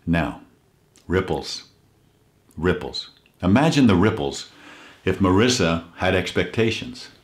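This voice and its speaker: Deep-voiced male speaker, earnest and inspirational, leans on stories and slows down for emphasis. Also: expressive. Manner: earnest, slows down to stress key points. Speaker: motivational speaker. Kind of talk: inspirational talk with storytelling.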